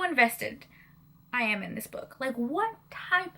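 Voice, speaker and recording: A woman's voice: on the high side, big pitch swings, takes it slowly, creaky, pushed and bright. A woman in her twenties chatting in a reading vlog, bubbly and gushing, with lots of fillers. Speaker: book vlogger.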